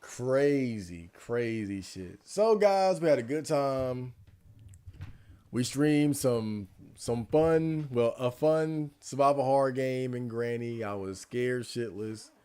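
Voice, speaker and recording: Ranting male livestreamer, mid-pitched. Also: animated, takes it slowly, dark tone, clear, resonant tone. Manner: ranting, rambling with restarts. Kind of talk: casual livestream chat.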